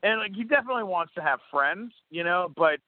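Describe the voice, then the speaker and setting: A man guesting on a casual phone interview, rambling and excitable, with lots of restarts. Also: high voice, brisk, no echo. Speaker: guest voice actor and comedian. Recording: tinny phone line, dry.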